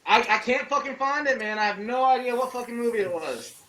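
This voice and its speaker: Excitable swearing man, distant mic. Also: extremely high pitch, fairly quick. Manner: profane, animated storytelling. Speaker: podcast co-host. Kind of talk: casual chat. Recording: distant mic with faint noise.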